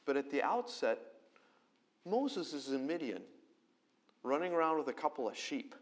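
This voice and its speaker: A middle-aged man, a pastor, preaching a conversational sermon that swings between loud emphasis and quiet, close delivery. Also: on the high side, very animated, moderate pace.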